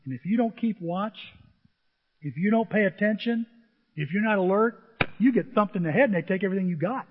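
Husky middle-aged male pastor, animated sermon delivery, dull recording with a long hall reverb. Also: high voice, a little fast. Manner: animated, shifts between shouting and near-whispers.

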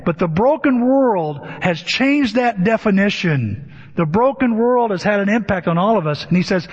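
Husky-voiced preacher in an echoing hall. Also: male voice, high voice, animated, moderate pace. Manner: conversational, asks the audience questions. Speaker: pastor. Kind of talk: sermon. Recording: dull echoey hall sound.

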